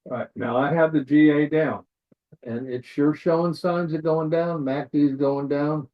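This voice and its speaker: A man's voice: on the high side, fairly even intonation, moderate pace. A man leading a live trading webinar, walking through charts in a casual way, thinking aloud and saying "all right" again and again. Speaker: forex trading instructor. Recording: tinny phone-like webinar audio.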